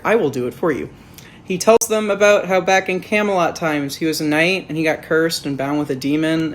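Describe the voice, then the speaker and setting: A woman's voice: low voice, a little hiss or hum. Sarcastic woman reviewing a movie. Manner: sarcastic, jokey asides, swears casually. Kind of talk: sarcastic comedic film review.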